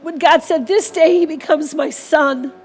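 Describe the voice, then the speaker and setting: Woman preacher, earnest and repetitive, fairly high and slow, light music bed. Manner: earnest, repetitive, ends in prayer. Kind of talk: sermon.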